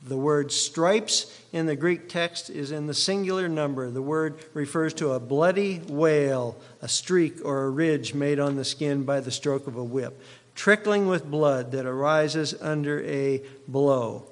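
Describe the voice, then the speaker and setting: A man's voice: on the high side, measured pace. Emphatic preacher man in a reverberant hall. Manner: emphatic, repeats key phrases for effect. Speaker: pastor. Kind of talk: expository sermon.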